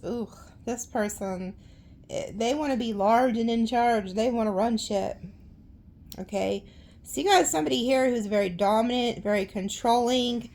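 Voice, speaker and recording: A woman's voice: a little high, normal speed, a little mellow, slight background noise. A woman giving a casual tarot reading in a chatty, dramatic way, with blunt slang and frequent laughter. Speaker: tarot reader.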